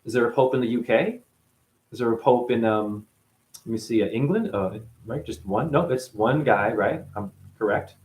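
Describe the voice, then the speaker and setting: A man's voice: medium pitch, moderate pace, a little mellow, reverberant. A man hosting a spiritual talk show, rambling through a monologue full of rhetorical questions and playful asides.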